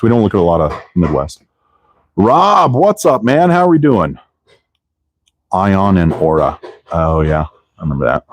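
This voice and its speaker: Low-voiced man swearing through shop talk. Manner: loose, profanity-heavy shop talk. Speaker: garage owner and live-stream host. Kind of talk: casual live-stream chat while working. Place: car restoration garage.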